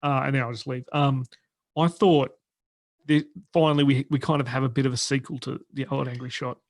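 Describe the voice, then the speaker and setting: A man, an army veteran co-hosting a podcast, telling relaxed anecdotes in casual chat with the odd swear word. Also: mid-range voice, fairly quick, dry recording. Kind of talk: casual film review chat.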